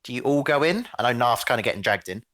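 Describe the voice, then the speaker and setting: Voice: mid-range voice, expressive, fast talker, a bit bright, no echo, clean studio sound. A game master casually narrating a tabletop role-playing game with many fillers.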